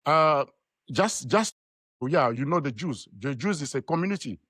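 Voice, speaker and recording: A man's voice: a little high, expressive, moderate pace, a bit bright, breathy edge, no room sound, clean studio sound. A man on a live online panel, talking in long rambling runs with many restarts and repeated words. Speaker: panel guest.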